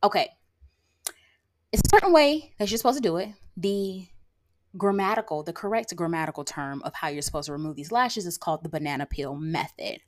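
Speaking fairly quickly in a lowish, expressive voice, the rural podcast host, a lash artist who also tattoos brows, rolls through a casual solo talk. She's sassy and emphatic, forever tossing in "okay?" and "like".

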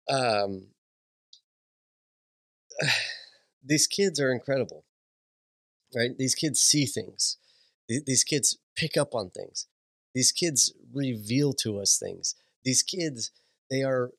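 A man hosting a podcast, telling a casual story with animated delivery, frequent laughs and many restarts. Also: mid-range voice, no room sound. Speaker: podcast host.

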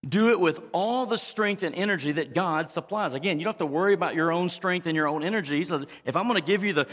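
A man's voice: fairly high pitch, fairly bright tone, long reverb tail. A man preaching a sermon to his congregation as pastor, emphatic and often asking the crowd to respond. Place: church.

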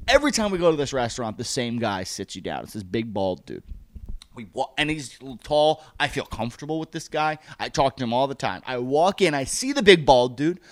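A man telling a story with a lot of swearing, his pitch jumping high and low as he gets into it. His voice sits a bit high for a man. The recording is dry and close. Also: no room sound. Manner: profane, animated, laughs while telling. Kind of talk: casual chat, telling a funny anecdote.

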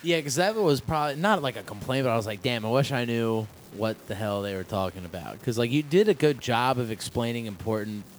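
A man's voice: mid-range voice, a little fast, hardly any pauses, poor audio. A young man co-hosting a podcast in casual chat, blunt and joking, swearing freely, with faint noise behind. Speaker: podcast co-host.

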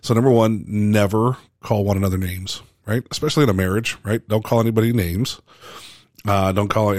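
A man, a pastor, giving a casual church talk in a relaxed way, halting often with fillers and restarts. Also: on the low side, dry recording, clean studio sound.

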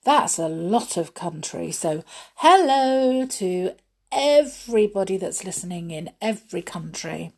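A woman reading a children's story aloud, chatty and lively, asking her listeners questions. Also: fairly low pitch, measured pace.

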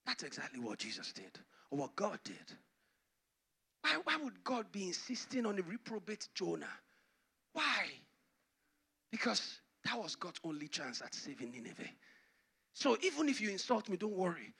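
A male pastor preaching a sermon, dramatically swinging from loud to hushed. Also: sits high, very animated, moderate pace, gravelly, husky.

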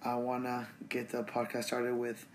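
A man's voice: mid-range voice, moderate pace. Young man, podcast host, laid-back slang, venting, faint background hiss. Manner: relaxed, slangy and ranting, full of fillers. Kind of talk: casual solo podcast monologue.

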